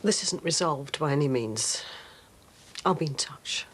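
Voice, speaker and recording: A woman's voice: sits low, expressive, measured pace, slight background noise. An actress playing a firm, insistent mother in a soap opera. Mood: stern. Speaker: mother and sister.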